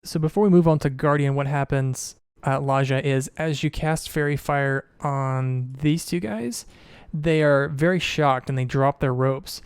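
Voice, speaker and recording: Male game master, smooth clear voice, dry close sound, relaxed matter-of-fact rulings. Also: medium pitch, a little slow, no room sound. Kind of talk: narrating a tabletop game.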